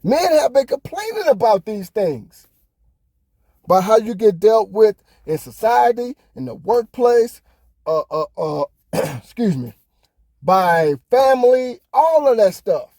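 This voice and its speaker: A man's voice: sits high, big pitch swings, slow pace, warm tone, no echo, studio quality. A man hosting a podcast, ranting heatedly in casual talk, swearing often. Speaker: podcast host. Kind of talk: casual opinion monologue.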